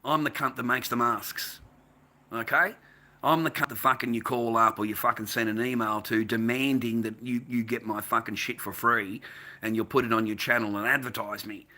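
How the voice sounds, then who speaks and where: Sweary Australian man, bright voice. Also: mid-range voice, steady tone, moderate pace. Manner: profane, rambling, laughs often. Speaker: mask maker and live streamer. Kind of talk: casual live-stream rant. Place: at home.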